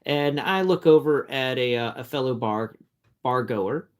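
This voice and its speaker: A man tells a long personal story in a loose, chatty way. He stumbles over and repeats words as he goes. His voice sits at a middling pitch for a man. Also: expressive, a little slow. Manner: rambling, repeats words and restarts often; chatty, breaks off to talk to his cat. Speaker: vlogger telling a personal story. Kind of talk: casual spoken storytelling.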